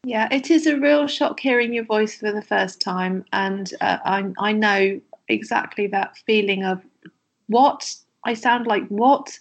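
A woman's voice: medium pitch, fairly even intonation, measured pace, vocal fry, hardly any pauses. Reassuring woman with a posh English accent. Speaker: podcast co-host. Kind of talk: casual chat.

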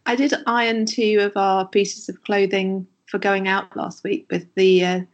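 A woman's voice: medium pitch, level tone, measured pace. A woman with a posh English accent co-hosting a podcast in casual chat, reassuring and self-mocking. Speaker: podcast co-host.

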